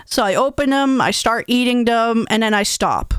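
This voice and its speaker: A woman streamer telling a funny childhood story casually, animated and acting out voices. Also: fairly high pitch, moderate pace, smooth, dry recording, clean studio sound.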